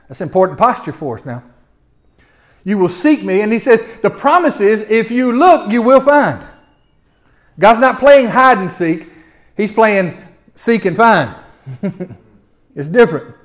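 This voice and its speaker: A man preaching a sermon, swinging from loud, emphatic exhortation to low, quiet reflection, repeating phrases and calling the congregation to answer. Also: expressive, normal speed. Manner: repetitive, call-and-response delivery with stutter-starts. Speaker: pastor.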